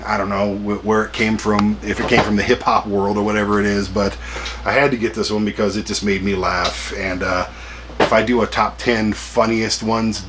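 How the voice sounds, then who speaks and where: A collector in his forties hosts a casual, rambling vlog, chatty and joking with self-deprecating asides. His voice is fairly low in pitch, with background noise in the recording.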